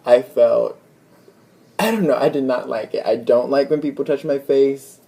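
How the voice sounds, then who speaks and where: A young man vlogging in a relaxed, mellow tone, a warm rather than bright voice. He rambles through a story, leaning on "like" and slipping into quoted dialogue, casual and unscripted. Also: mid-range voice, normal speed, vocal fry. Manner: rambling, chatty retelling full of "like" and quoted dialogue.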